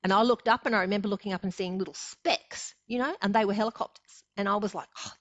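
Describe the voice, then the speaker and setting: A woman's voice: mid-range voice, steady tone, fast, no echo. Aussie lady in her 60s, chatty guest, laughs a lot, dry slightly dull lo-fi remote audio. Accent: Australian. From Australia. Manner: chatty, laughs often while telling stories. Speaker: podcast guest. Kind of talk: casual storytelling.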